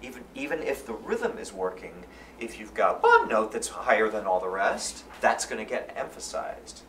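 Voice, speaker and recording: A man gives a conference lecture, energetic and fond of repeating his key phrases. He sounds distant from the mic in a roomy space. A faint room hum sits under his voice. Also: lowish voice, normal speed. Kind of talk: live lecture. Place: conference hall.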